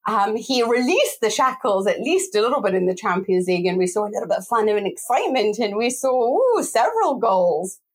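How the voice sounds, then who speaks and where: A woman hosting a football podcast discussion, talking fast and sounding exasperated, with frequent laughs. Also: medium pitch, expressive, breathy edge.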